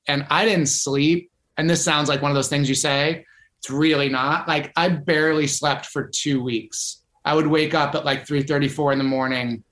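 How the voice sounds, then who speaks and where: A man's voice: fairly high pitch, steady tone, moderate pace, a bit bright. A man, a TV writer, speaking earnestly in an interview and repeating words for emphasis. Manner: earnest, repetitive. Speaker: TV writer guest.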